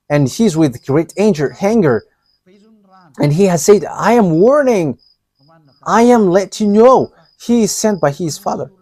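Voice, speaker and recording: A man delivering a live sermon in a slow, deliberate way, with many pauses and fillers. His voice sits somewhat high and swings widely in pitch, and he chuckles between points. The sound is dry and close. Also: darkish tone, dry recording. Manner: halting, with frequent pauses and fillers. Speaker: preacher.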